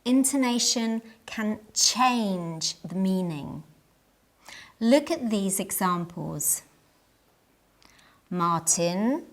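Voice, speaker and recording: A woman narrating a scripted English lesson in a clear, deliberate way. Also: mid-range voice, animated. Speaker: English teacher.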